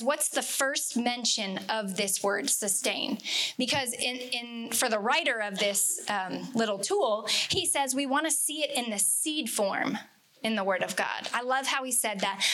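A woman with a fairly high, bright and forceful voice leads a casual Bible study. She talks in an earnest, conversational way and repeats words for emphasis.

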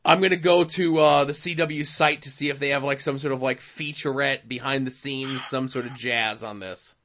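Bright-voiced podcast host. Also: male voice, mid-range voice, steady tone, normal speed. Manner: rambling, many fillers, wraps up the show. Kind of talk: casual chat. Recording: dull lo-fi sound.

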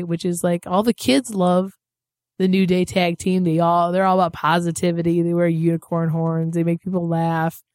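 A woman's voice: on the low side, a little mellow, no room sound, clean studio sound. A woman hosting a podcast in casual chat, brash and joking, sick with a cold and losing her voice. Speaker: podcast host.

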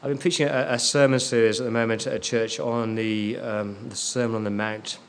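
A man's voice: mid-range voice, steady tone, fairly quick, slight background noise. A man preaching a sermon as a pastor, stressing key words and repeating them for emphasis.

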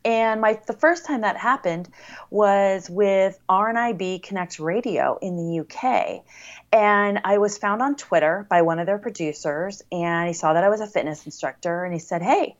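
A woman's voice: mid-range voice, moderate pace, lo-fi sound. An American woman chatting as a podcast guest, upbeat and talkative with lots of fillers. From United States. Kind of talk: casual interview chat.

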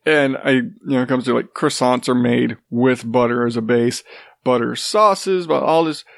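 A man's voice: medium pitch, moderate pace, vocal fry, dry recording, clean studio sound. A man with a congested, stuffy nose, rambling sarcastically in a casual, profane chat. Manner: rambling, sarcastic, swears freely.

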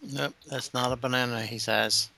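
A man's voice: mid-range voice, fairly even intonation, normal speed, creaky, bright, forceful tone. A man joining a movie commentary podcast with short, wry remarks in casual chat. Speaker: podcast co-host.

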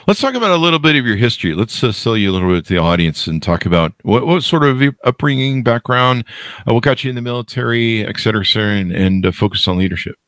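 A man hosting a podcast, rambling and joking his way through the intro, his pitch leaping all over the place. He sounds close and dry on the mic, with no room sound. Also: lively intonation, quick pace, a bit bright, no room sound. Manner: jokey and rambling, with many fillers. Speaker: podcast host. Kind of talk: casual interview chat.

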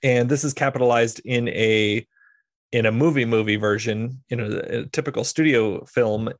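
Talking films on his podcast, this host speaks at medium pitch and a moderate pace, his tone steady. His stories ramble, with lots of fillers and restarts, and the recording has no room sound.

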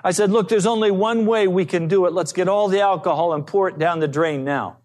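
A man's voice: sits high, a little mellow. A man preaching a sermon as pastor, earnest, telling stories and acting out the people in them. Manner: slow, earnest preaching with acted-out quotes.

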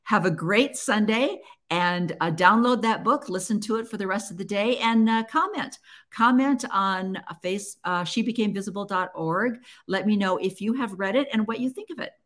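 A woman's voice: medium pitch, normal speed, fairly bright tone. A woman hosting her own podcast, talking to listeners in an earnest, encouraging way and often restarting her sentences. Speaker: podcast host. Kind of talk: casual solo podcast talk.

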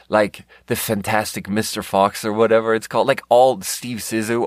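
A man's voice: medium pitch, dry recording, studio quality. A young man from Europe, a podcast host, rambling sarcastically in an unscripted rant and swearing often.

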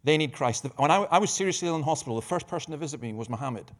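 Lively preacher, fairly high voice. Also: male voice, racing. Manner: lively storytelling with humorous asides; repeats words while restarting phrases. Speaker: preacher and evangelist. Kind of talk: conference talk on evangelism.

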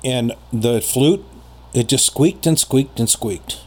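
A man telling a personal story in casual conversation as a podcast guest, rambling with many pauses and fillers. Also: mid-range voice, breathy edge.

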